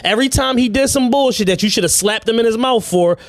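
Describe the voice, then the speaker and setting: Blunt high-voiced man ranting. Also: quick pace, a little hiss or hum. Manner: blunt, profane, lecturing. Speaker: podcast co-host. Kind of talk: casual chat.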